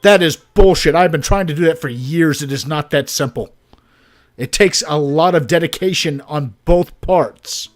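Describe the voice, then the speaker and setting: A man's voice: a little high, moderate pace, soft background music. A man streaming a game, giving sarcastic, swearing gameplay commentary.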